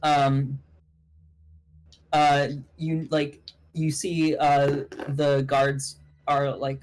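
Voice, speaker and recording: A young man narrating a tabletop game as game master on a stream, rambling with fillers and quick self-corrections. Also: fairly high pitch, completely flat delivery, rough recording.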